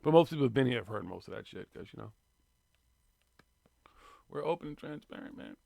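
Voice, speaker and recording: Male radio host, quick and gravelly, swears freely, dry close sound. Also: mid-range voice, animated, darkish tone, dry recording. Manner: profane, ranting, laid-back slang. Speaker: host of a paranormal live radio show. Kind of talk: casual live radio chat.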